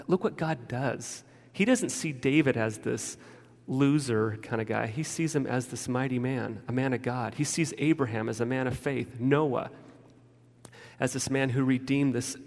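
A man preaching a casual, story-driven sermon as a pastor, often restarting his sentences. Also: mid-range voice. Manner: informal storytelling with frequent restarts. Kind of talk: conversational sermon. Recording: long reverb of a large hall.

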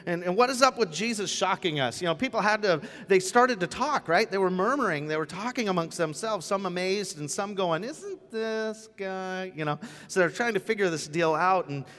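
Joking pastor in a reverberant church. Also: male voice, high voice, fairly quick, few pauses. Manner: joking, animated storytelling with lots of asides. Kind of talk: casual conversational sermon. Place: church sanctuary. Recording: church hall with long reverb.

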